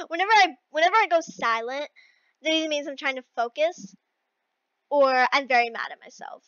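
A young girl talking through an obstacle-course game she is playing, excitable, often shrieking when she fails and pleading with her viewers for help. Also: high-pitched, normal speed, no echo, dull audio. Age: child. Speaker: gaming video creator. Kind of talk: casual gameplay commentary.

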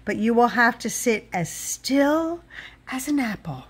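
A woman voicing a big, bearded painter who speaks gently and patiently to his son, in a lively storybook reading. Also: fairly high pitch, unhurried, breathy edge, full character voice. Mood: gentle. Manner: soft, patient and kindly.

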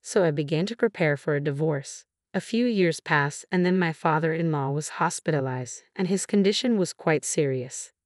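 A woman with a low voice reads a first-person story aloud at an even, steady pace. The sound is dry and close, with no room echo. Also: normal speed, hardly any pauses. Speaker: narrator.

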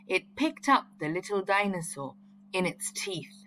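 A woman reading a children's story aloud in a clear, expressive way. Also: medium pitch, unhurried, a little hiss or hum.

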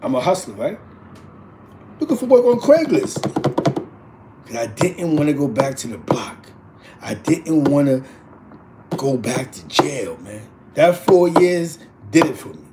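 A man's voice: mid-range voice, animated, measured pace, heavy background noise. A man in his forties telling a personal story as a father, with street slang and asides. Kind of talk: casual storytelling to camera.

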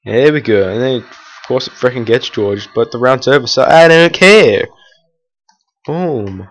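A man's voice: medium pitch, moderate pace. A teenage boy casually commenting on his gameplay, rambling with fillers and restarts and breaking into annoyed outbursts. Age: teens. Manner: erupts in annoyed outbursts at the game.

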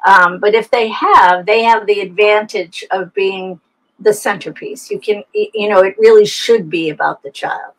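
A woman's voice: mid-range voice, normal speed, fairly bright tone, rough recording. Older woman, reflective storyteller on a call. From United States. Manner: reflective, storytelling, frequent restarts. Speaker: adoption expert guest. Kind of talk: interview by video call.

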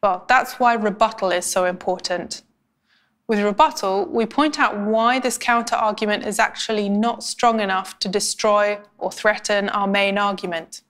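Woman, writing instructor, scripted explainer, clear measured delivery, mid-pitched voice. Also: steady tone, fairly bright tone. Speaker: language instructor.

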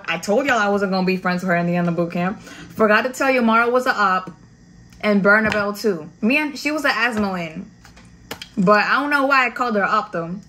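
A young woman from the United States tells her story like a chat with friends, blunt and full of slang and swearing. Her voice sits at a middle pitch. A faint hum of ambience stays under her voice. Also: pushed and bright. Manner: slangy, profane, candid. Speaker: vlogger recounting Navy boot camp. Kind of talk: casual storytime vlog.

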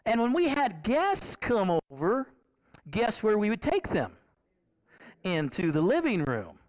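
A man's voice: high voice, wildly swooping pitch, measured pace. A man preaching a sermon in a conversational way. He asks the congregation questions and repeats key phrases to drive them home.

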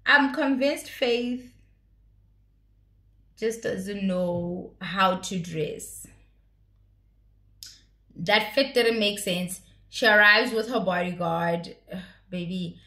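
A woman's voice: mid-range voice, very slow, pauses often, bright, forceful tone, roomy sound. A woman giving casual recap commentary on a reality show, blunt, profane and opinionated.

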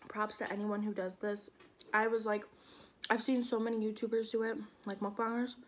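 A woman's voice: a little high, little pitch movement, normal speed, a little hiss or hum. A young woman vlogging to camera, flustered and a bit shaky, her mouth numb from spicy food. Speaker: mukbang vlogger. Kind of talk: casual vlog talk to camera.

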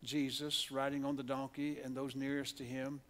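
Delivery here is completely flat, from a mid-range, slightly bright voice at a moderate pace. The man is a pastor with a Southern US, Oklahoma accent, preaching earnestly in a church sanctuary with many restarts and repeated words, calling out for the congregation to respond.

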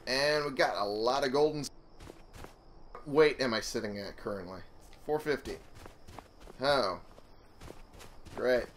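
A man's voice: mid-range voice, measured pace, long pauses, a little hiss or hum. A young man giving casual, chatty gameplay commentary, thinking aloud and swearing freely. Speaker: let's play host. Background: game music.

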